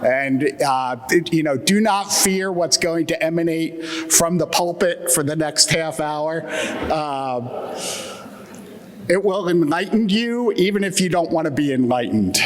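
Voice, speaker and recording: In a long-reverb conference hall, an Atlantic Midland-accented man from the United States gives a keynote laced with dry, self-deprecating humor. His voice sits a little high, animated yet measured in pace.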